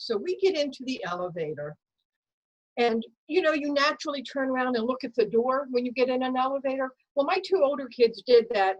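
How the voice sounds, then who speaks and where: A woman telling a personal story at a story slam over a video call, in a lively, dramatic way. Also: on the high side, dull audio. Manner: lively, dramatic storytelling that acts out voices and sounds.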